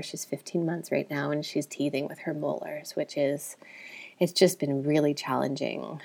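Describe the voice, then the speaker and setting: A woman in her thirties with a low voice and a gravelly edge of vocal fry, hosting her own podcast. As a psychologist, she shares personal stories openly and reflectively, in a candid, confiding tone. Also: warm tone.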